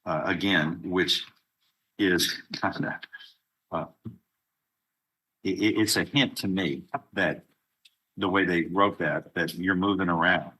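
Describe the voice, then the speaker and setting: A man's voice: low-pitched, steady tone, slow, long pauses, pushed and bright, breathy edge, low-quality recording. A man with a Texan accent presiding as a judge over a court hearing, stern and lecturing.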